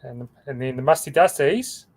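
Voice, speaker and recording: A man's voice: mid-range voice, expressive, normal speed, darkish tone. A man co-hosting a casual livestream over a video call, talking through team standings and stumbling over names. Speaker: co-host reading team standings.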